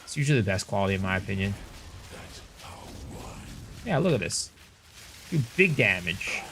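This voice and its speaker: Lively, chatty male game streamer. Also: on the low side, moderate pace, pauses often, slight background noise. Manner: loose and opinionated, swears, answers chat. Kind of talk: casual livestream chat while gaming.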